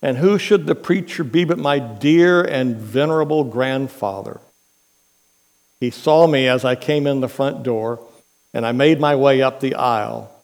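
A man preaching a sermon as pastor, telling a story in an unhurried, earnest way. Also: mid-range voice.

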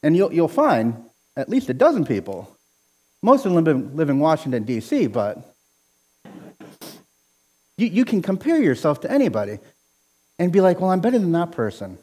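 Pastor guy preaching hard, high voice that swings all over, repeats himself a lot. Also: huge pitch swings, moderate pace, pauses often. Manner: impassioned, at times near yelling; repeats words at the start of phrases. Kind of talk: sermon.

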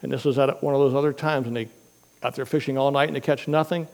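A man preaching a sermon, retelling scripture stories with lively quoted dialogue and homely asides. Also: mid-range voice, fast, long reverb tail, rough recording. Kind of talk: sermon storytelling.

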